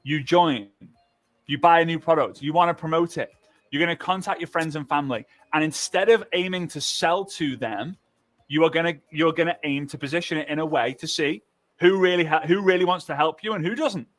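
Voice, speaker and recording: A man giving sales coaching to camera, jokey and animated, acting out sample phone calls. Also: on the high side, fairly quick.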